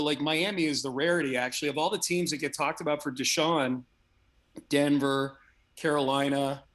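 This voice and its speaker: A man's voice: a little high, fairly bright tone. A man in a casual sports debate, arguing emphatically and restarting his sentences often. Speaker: guest sports radio host.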